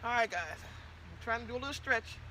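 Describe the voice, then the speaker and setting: A middle-aged woman talks to her vlog viewers outdoors, her voice high and bright. She sounds playful and chatty and is often out of breath. A light hum of outdoor noise sits behind her. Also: a little fast. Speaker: vlogger.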